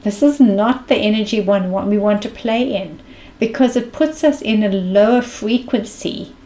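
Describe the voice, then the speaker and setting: A woman's voice: medium pitch, moderate pace, warm tone, low-quality recording. A woman with a South African accent giving a reflective mindfulness talk as a spiritual speaker, earnest and thinking aloud.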